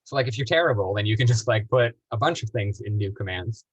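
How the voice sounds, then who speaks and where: A man's voice: on the low side, expressive, quick pace, husky, no room sound. A man leading a casual live tutorial, rambling and self-deprecating, with lots of fillers, heard over a video call. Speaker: workshop instructor. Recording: dull lo-fi call audio with faint noise.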